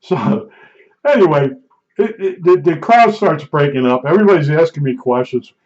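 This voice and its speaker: A middle-aged man telling a rambling personal anecdote, excitable, restarting sentences and acting out the dialogue. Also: fairly high pitch, moderate pace. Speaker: storyteller recounting an incident. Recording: dull lo-fi recording.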